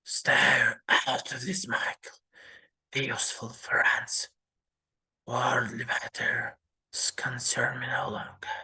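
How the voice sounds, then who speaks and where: A man voicing a maddened, zealous old grandfather in a slow, hissing whisper, as whispered role-play while reading a game aloud. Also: mid-range voice, little pitch movement, creaky, pushed and bright, slightly rough, full character voice, rough recording. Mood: fervent whisper.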